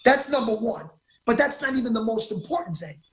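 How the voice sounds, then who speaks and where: This man, a guest in an interview, speaks very high-pitched and fairly quickly, relating his story with excitable emphasis. He frequently cuts himself off mid-sentence, and the recording is reverberant.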